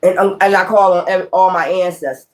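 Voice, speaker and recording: Tarot reader, man with a high voice; casual vlog monologue, rambling, profane, emphatic. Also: steady tone, quick pace.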